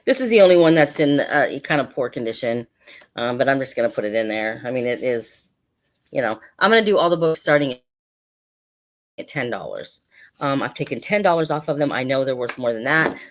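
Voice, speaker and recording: A woman hosting an online sale, talking casually and rambling with lots of fillers as she prices each item. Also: a bass voice. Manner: chatty, rambling, with many fillers. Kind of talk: casual live sale patter.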